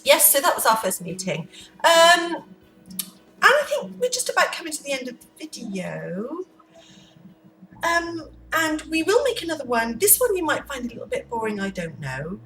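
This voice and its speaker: A woman rambles playfully through an unplanned vlog chat at home. Her voice is a little high and very animated. She is recorded from some distance in an echoey room, with faint music in the background. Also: normal speed. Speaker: vlogger. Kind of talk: unplanned casual chat to camera.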